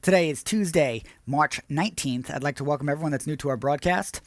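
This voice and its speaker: A man's voice: on the high side, fairly quick, slight background noise. A man hosting an online drum lesson, explaining exercises step by step in an upbeat way. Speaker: drum teacher.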